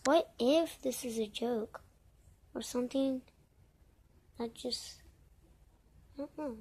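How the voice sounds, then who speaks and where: A woman voicing a bickering group of characters in a homemade story, brash and quick to swear, swinging from yelling to low mutters. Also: husky. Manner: brash, swears often, switches between shouting and mumbling. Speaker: voice-over creator.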